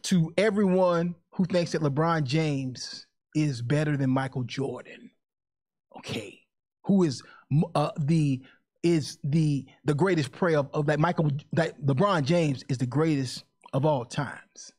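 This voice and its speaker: A podcast host with a fairly high, slightly slow and mellow voice chats casually and animatedly. He laughs often and mixes jokes with preachy asides.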